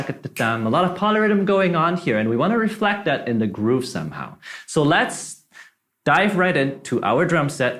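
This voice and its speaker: A Malaysian man runs a step-by-step drum tutorial, counting beats out loud and checking in with "right?" and "okay?". His voice is a little high with a fairly bright tone.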